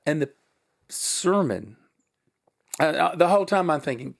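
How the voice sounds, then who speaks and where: A middle-aged Southern man tells stories as an interview guest. His voice has a gravelly edge, and his delivery is animated, swinging up and down in pitch and breaking into laughs. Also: normal speed, pauses often. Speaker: guest, production company head. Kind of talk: storytelling interview.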